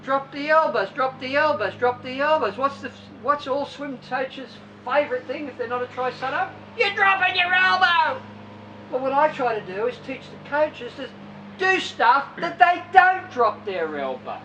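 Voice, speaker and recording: A high-pitched woman coaching swimmers in a blunt, no-nonsense way, firing rhetorical questions at her squad. She sits well back from the mic, so the voice sounds distant. Vehicle noise runs clearly underneath. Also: lively intonation, normal speed, fairly bright tone. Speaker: swim coach.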